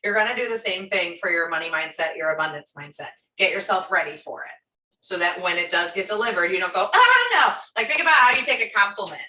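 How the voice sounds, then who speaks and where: A woman business coach teaching in a casual workshop, an animated storyteller who acts out the voices in her stories. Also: on the low side, fast. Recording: roomy sound from a distant mic.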